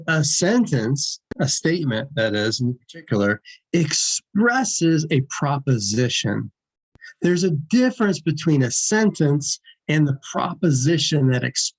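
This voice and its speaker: A man with a slightly high voice delivers a recorded logic lecture. He talks in a loose, conversational way, restarting phrases and hammering home his points. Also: rough recording. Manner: conversational, lively, repeats for emphasis. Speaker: philosophy lecturer.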